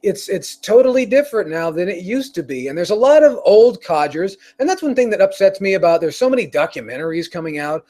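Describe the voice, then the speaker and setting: A man's voice: high voice, expressive, a little fast, hardly any pauses, mellow. A man hosting his own show, ranting in a rambling, profane way with frequent restarts. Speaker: show host. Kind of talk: casual rant on a live stream.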